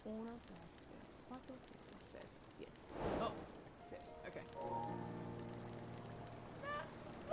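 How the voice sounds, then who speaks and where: Woman game streamer, high expressive voice, playful running commentary. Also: slow, long pauses, over loud music. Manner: animated, talks back to the game and chat, laughs often. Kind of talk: casual live gameplay commentary.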